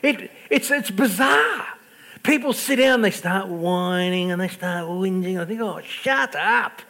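A middle-aged man preaching a sermon, telling self-deprecating stories with stammered restarts and swinging between loud outbursts and quiet asides. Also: high voice, fairly even intonation, measured pace. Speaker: pastor.

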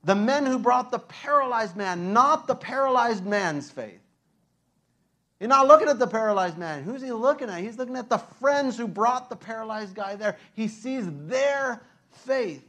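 A man's voice: very high voice, animated, normal speed, bright, forceful tone. A man preaching a sermon in a casual, conversational way, full of fillers, acting out scenes and laughing often. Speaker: pastor.

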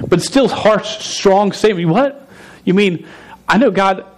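A man preaching a sermon in an animated, emphatic way, often restarting his words. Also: fairly high pitch. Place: church service.

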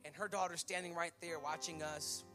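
A male pastor in his thirties preaching a sermon with stories, impassioned and swinging from loud to hushed. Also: a little high, fairly even intonation, fairly quick, over music. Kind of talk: sermon with storytelling.

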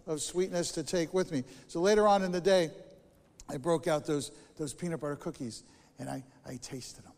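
A pastor preaching in a church, spinning chatty, animated stories from his week. His voice sits high for a man. The sound carries the long reverb of a church hall. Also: clean tone. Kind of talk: sermon with personal stories.

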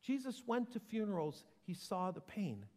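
A man preaching a sermon, dropping to a whisper and building to loud, emphatic passages. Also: high-pitched, lively intonation, normal speed, long reverb tail. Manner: dramatic swings from whisper to loud. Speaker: pastor.

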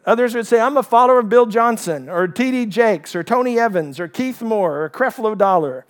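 A man preaching with real fire, his voice sitting high for a man. He pushes hard on key phrases, then drops low and quiet, winding his sermon toward his congregation. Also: animated, a little fast, few pauses. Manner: impassioned, rising and falling emphasis. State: out of breath at times. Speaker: pastor.

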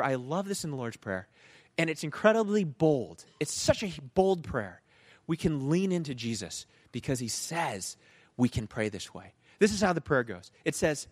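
Male pastor, sermon delivery, lively pitch leaps, slightly high voice, dry close sound. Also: no echo. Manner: storytelling, animated, asks the audience "right?".

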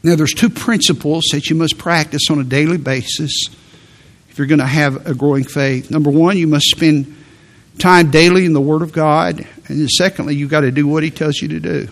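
A middle-aged male pastor delivering a sermon. His voice sits a little high for a man. He speaks earnestly and stresses points with sudden lifts. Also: steady tone, normal speed. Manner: earnest, emphatic preaching with sudden rises.

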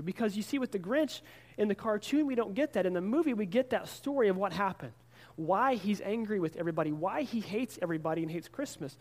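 A man's voice: high-pitched, quick pace, darkish tone. A man preaching a sermon, telling a story earnestly and often repeating words as he goes. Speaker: pastor.

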